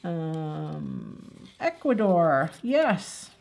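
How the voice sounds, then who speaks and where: A woman's voice: low-pitched, very animated, drawn-out words, vocal fry, a little mellow. A woman hosting a library story time, chatting her way through a children's craft and asking the kids questions. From New Jersey.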